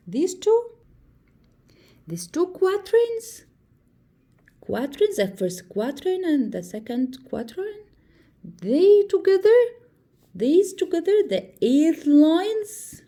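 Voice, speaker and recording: Slow, mellow Egyptian woman teaching poetry. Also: very high voice, very animated. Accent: Egyptian Arabic. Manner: repetitive, asks and answers own questions, counts out stresses. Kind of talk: classroom lecture on poetry. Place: classroom.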